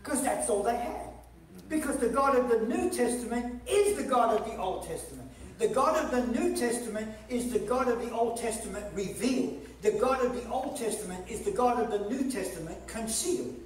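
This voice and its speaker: High-voiced male evangelist in an echoey church. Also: moderate pace. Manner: animated, jokey, repeats words when starting phrases. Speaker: evangelist preacher. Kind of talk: sermon with humorous storytelling. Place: church sanctuary. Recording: echoey church hall from a distant mic.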